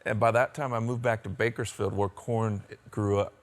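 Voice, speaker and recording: A man's voice: fairly low pitch, fairly even intonation, normal speed. An American man in a band, telling his story in a rambling, open way during a casual interview. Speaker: band member.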